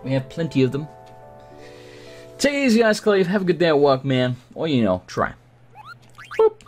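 A man hosting a let's play, talking through a game in a hyper, joking, chatty way. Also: mid-range voice. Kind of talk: gameplay commentary.

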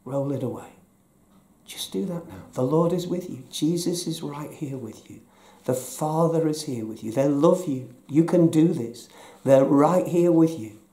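A man preaching a sermon as pastor, speaking slowly and softly, sometimes sinking to a near whisper. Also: a little high, echoey room. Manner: slow, soft-spoken, dropping to near whispers.

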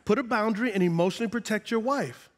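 A middle-aged man preaching a sermon as pastor, talking straight to the congregation and rising to loud, emphatic peaks. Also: high-pitched, fast. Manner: preachy, builds to shouting, call-and-response asides. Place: large church sanctuary. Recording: long hall reverb.

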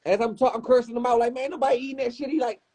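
A man with a DC-area accent, telling a funny story on a livestream in casual slang and swearing, acting out the people he quotes. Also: rapid-fire. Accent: Washington DC area. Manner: animated, swearing, acts out quotes in high voices.

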